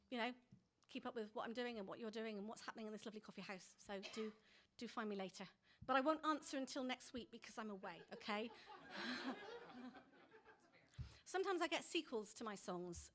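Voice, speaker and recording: A singer-songwriter woman chatting to a live audience between songs in a bookshop coffee house, in a chatty, self-deprecating way with quick asides. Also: medium pitch, a bit bright. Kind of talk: casual between-song chat to a live audience.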